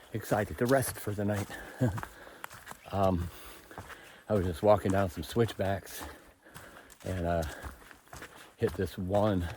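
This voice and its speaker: Low-voiced man hiking and vlogging. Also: a little mellow, slight background noise. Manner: upbeat, chatty, laughs at himself. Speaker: thru-hiker vlogger. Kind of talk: casual hiking vlog narration. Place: outdoors on a trail and town streets.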